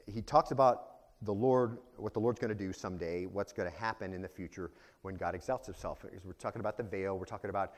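Man preaching verse by verse. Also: quick pace. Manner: teaching, asks rhetorical questions; rises in pitch for quoted prayers. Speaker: pastor. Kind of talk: sermon.

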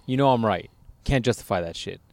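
A man's voice: medium pitch, a little fast, no echo. A man co-hosting a podcast, joking in loose crude banter and telling stories with a lot of swearing. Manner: loose, swearing, animated storytelling. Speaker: podcast co-host.

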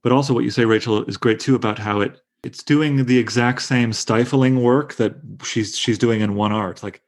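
A man's voice: medium pitch, steady tone, normal speed. A man in his thirties leading a casual literary discussion, enthusiastic and stumbling over restarts. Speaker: discussion leader.

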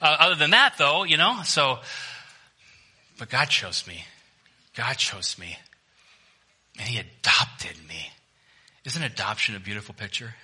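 A male pastor preaching to his congregation in a church, with a very bright, cutting edge to his tone. He is animated and direct, firing questions and jokes at the listeners. He drops from ringing emphasis into soft, low stretches and back again. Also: measured pace, long pauses, breathy edge. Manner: animated preaching, swinging from loud emphasis to hushed, low delivery. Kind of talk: sermon.

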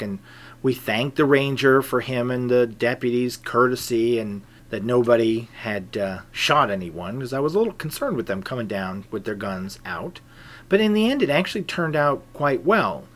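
Pria bercerita dengan tenang dan terukur. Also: male voice, mid-range voice. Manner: calm, measured storytelling with soft asides. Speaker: pagan group leader telling a personal story. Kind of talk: casual spoken anecdote.

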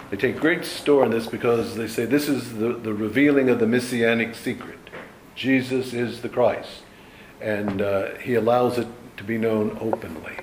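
A man's voice: medium pitch, reverberant, background noise. A man giving an informal Bible study in a loose, conversational way, dropping frequent asides to his listeners. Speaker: Bible teacher.

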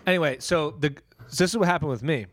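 A man's voice: fairly high pitch, fast talker, no room sound. Young man, podcast co-host, crude casual joking, dry close sound. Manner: crude, joking, hesitant restarts. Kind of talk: casual chat.

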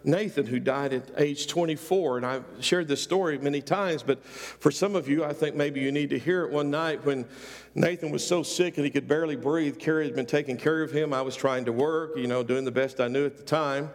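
A man's voice: on the high side, fairly quick, long reverb tail. A middle-aged male pastor preaching a sermon with rising fervor and repeated phrases.

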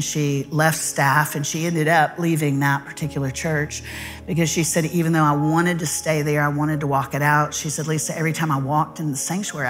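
A middle-aged woman, a Bible teacher telling a personal story in a sermon and quoting others in her own voice. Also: deep voice.

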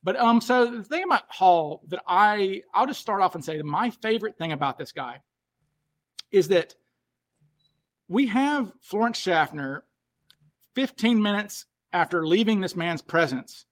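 A man with a fairly high voice hosts a podcast in loose, casual conversation. He thinks aloud as he talks and often circles back to rephrase what he just said. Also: lively intonation, unhurried, fairly bright tone. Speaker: podcast host. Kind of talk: casual chat.

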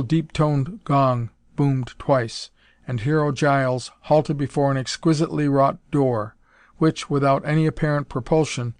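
Measured male audiobook narrator, dry sound. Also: medium pitch, dry recording. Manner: measured, even storytelling. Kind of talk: scripted narration.

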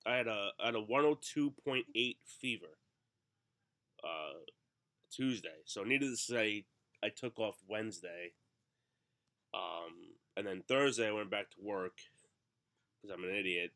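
A middle-aged man with a raspy, hoarse voice from the flu, coughing now and then as he tells rambling, self-mocking stories in casual chat as a podcast co-host. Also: on the low side, a little slow, long pauses, pushed and bright.

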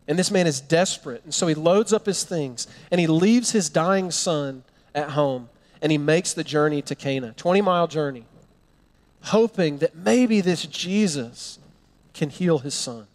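A man preaching a sermon, telling a Bible story with animated storytelling and acting out the characters' lines. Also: a little high, a little slow, long reverb tail. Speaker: pastor.

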